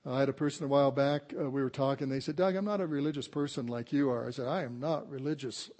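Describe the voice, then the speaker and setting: An older man, a grandfather, preaching a conversational sermon to a congregation and slowing down to stress scripture. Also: mid-range voice, darkish tone. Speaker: pastor. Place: church sanctuary before a congregation.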